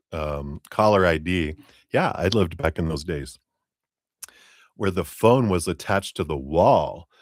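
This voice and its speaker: Brief: middle-aged male tarot reader, deep dry voice, loose rambling delivery. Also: dry recording. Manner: rambling, with tag questions and chuckles. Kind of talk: live-stream tarot reading.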